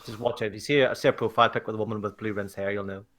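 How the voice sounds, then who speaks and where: A man with an English accent co-hosting a gaming podcast, telling stories in a lively, joking way. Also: fairly low pitch, racing. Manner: animated storyteller, laughs often. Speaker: podcast co-host. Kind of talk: casual chat.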